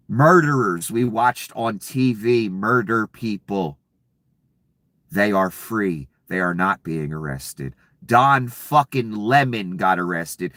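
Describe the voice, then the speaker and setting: A man's voice: lowish voice, expressive, slow pace, fairly bright tone, dry recording. Guy ranting angry and sweary, sarcastic, dry close sound. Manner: profane, furious, sarcastic. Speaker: political commentator. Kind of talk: angry political rant.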